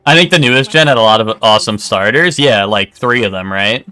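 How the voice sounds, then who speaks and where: A man's voice: fairly low pitch, a little fast, sharp tone, clean tone, dry recording. A man streaming a game, chatting casually with lots of fillers and restarts. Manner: rambling, hesitant, lots of fillers. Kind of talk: casual chat while gaming.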